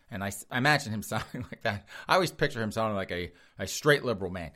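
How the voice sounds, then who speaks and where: A man's voice: on the low side, lively intonation, quick pace, few pauses, sharp tone. A man hosting his own show, giving a sarcastic political commentary monologue to his audience. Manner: mocking, sarcastic, addresses audience as folks. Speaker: show host.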